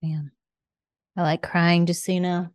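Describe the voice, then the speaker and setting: A woman's voice: on the low side, flat delivery, measured pace, no echo, clean studio sound. A woman co-hosting a faith conversation, talking in a candid, reflective, questioning way. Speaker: co-host. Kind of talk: faith-based podcast conversation.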